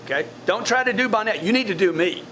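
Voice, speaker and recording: A man's voice: sits high, lively intonation, quick pace, sharp tone, slight background noise. A man coaching his sales staff in a live group session, blunt and profane, often repeating words as he restarts a thought. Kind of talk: blunt motivational coaching talk to a team.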